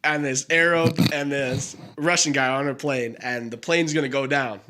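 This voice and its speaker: A man's voice: medium pitch, steady tone, moderate pace, sharp tone. A young man co-hosting a radio chat, telling a long joke in a rambling, giggly way. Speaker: co-host.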